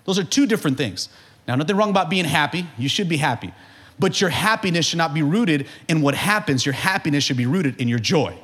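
A male pastor preaching a sermon in an animated way that builds to shouting. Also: on the high side, fairly quick.

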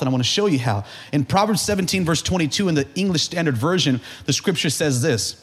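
A man preaching a sermon as pastor, building to shouts and joking with the congregation, calling out questions for them to answer. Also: a little high, animated, fast talker, hardly any pauses. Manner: preaching with rising shouts and humor, call-and-response.

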